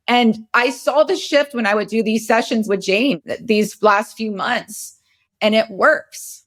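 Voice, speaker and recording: A woman's voice: on the high side, moderate pace. Tired, candid woman in her forties. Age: 40s. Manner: candid, emotional, rambling with restarts. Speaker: podcast host. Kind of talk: casual personal storytelling.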